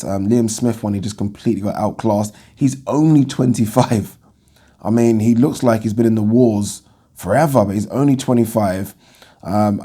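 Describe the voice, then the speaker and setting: A man's voice: medium pitch, dark tone. A man hosting a boxing channel, giving blunt, opinionated casual commentary and swearing when annoyed.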